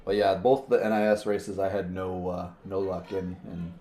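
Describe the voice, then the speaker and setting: A man's voice: sits low, little pitch movement, moderate pace, dark tone. A man co-hosting a casual podcast, laughing and stumbling through his restarts. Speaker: podcast co-host. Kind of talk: casual chat. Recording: roomy with faint noise.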